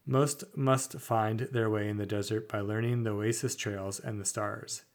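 A man co-hosting a tabletop podcast, reading fantasy lore aloud at a measured, slightly halting pace. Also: lowish voice, steady tone. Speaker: podcast co-host.

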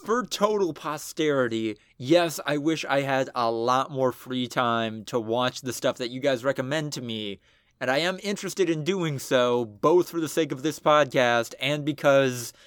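A man's voice: medium pitch, unhurried, fairly bright tone, clean tone, no room sound, studio quality. A man co-hosting a podcast in casual chat, pedantic and swearing casually. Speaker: podcast co-host.

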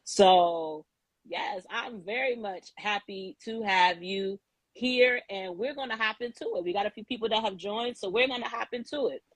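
A woman's voice: medium pitch, normal speed, no room sound, low-quality recording. A woman hosting a live podcast, chatty and outspoken, laughing often as she talks. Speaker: podcast host.

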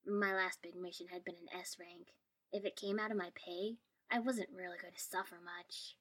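Husky woman reading a story. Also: fairly low pitch, steady tone, moderate pace, fairly bright tone. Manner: dry, wry. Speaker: story reader. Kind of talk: first-person story narration.

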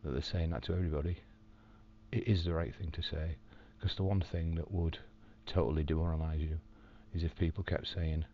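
A man recording a personal video diary from his hospital room, telling a story calmly with dry, wry humour. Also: extremely low pitch, fairly quick, highs cut off. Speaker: video diarist in hospital recovery.

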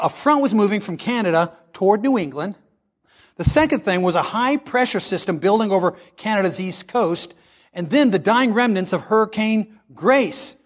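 High-voiced animated preacher man. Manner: animated storytelling, folksy and emphatic. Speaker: pastor. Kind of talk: sermon.

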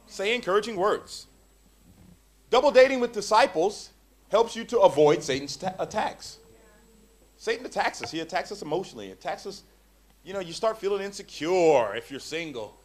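A middle-aged male preacher delivers a sermon in a church. His voice sits high and swings widely in pitch as he acts out the people in his stories. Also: moderate pace. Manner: animated, acts out quoted voices. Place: church hall.

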